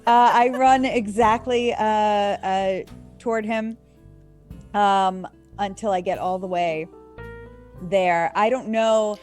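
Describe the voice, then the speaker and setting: A woman's voice: medium pitch, steady tone, slow, darkish tone, soft background music. A woman playing a tabletop role-playing game, describing her character's actions in a hesitant way with many fillers. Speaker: player.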